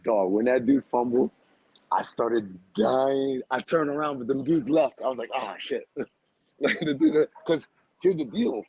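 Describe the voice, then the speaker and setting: A young man co-hosting a podcast, telling an animated story in casual chat and laughing often. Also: medium pitch, unhurried, slightly rough, poor audio. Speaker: podcast co-host.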